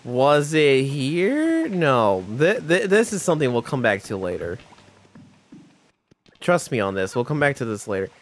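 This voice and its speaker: A man's voice: mid-range voice, big pitch swings. Man mumbling casual game commentary. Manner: rambling and self-deprecating, with quick mumbled asides. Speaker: let's play host.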